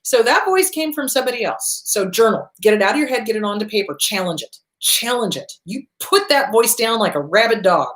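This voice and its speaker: A woman's voice: medium pitch, animated, fairly quick, hardly any pauses, fairly bright tone. A woman therapist hosting an advice talk, blunt and profane, hammering points home with emphatic repetition. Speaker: therapist and show host. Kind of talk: direct-to-camera advice talk.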